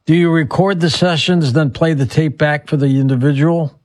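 A man hosting a radio talk show in a relaxed, conversational way, taking listener calls. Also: on the high side, moderate pace, no echo.

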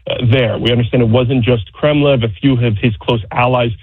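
A man's voice: medium pitch, fairly even intonation, slightly rough, dry recording. Man reporting over a tinny phone line. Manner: measured, informative, with filler uhs. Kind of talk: news reporting on air.

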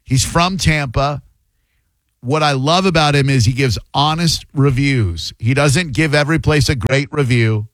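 A man's voice: mid-range voice, measured pace, dry recording. A man hosting a talk radio show, chatting casually and making sarcastic jokes. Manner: joking, sarcastic asides. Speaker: radio host.

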